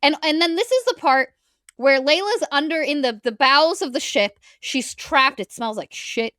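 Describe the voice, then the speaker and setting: A woman's voice: high-pitched, lively intonation, normal speed, fairly bright tone, no room sound, clean studio sound. A woman co-hosting a podcast, sarcastically retelling and mocking a novel in casual chat. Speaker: podcast co-host. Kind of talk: casual book-roast chat.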